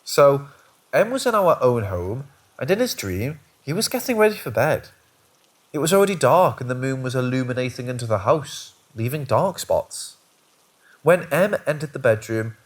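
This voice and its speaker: Male storyteller for eerie first-person tales, mid pitch, lively, animated reading. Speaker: narrator. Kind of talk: scripted narration of first-person scary stories.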